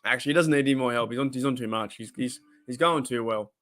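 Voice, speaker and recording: A man with an Australian accent hosting a casual live-stream reaction to a football game, rambling between excitable play-by-play calls. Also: mid-range voice, fast talker.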